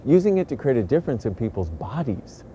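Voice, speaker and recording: A man giving a casual motivational talk to camera, animated and lively, acting out the voices he quotes. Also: medium pitch, fast, dull audio, a little hiss or hum. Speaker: self-help speaker.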